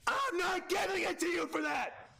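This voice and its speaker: A man playing a teasing character who refuses to hand over a game skin, shouting taunts in a comedy skit. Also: very high-pitched, expressive, moderate pace, gravelly, exaggerated voice. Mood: taunting.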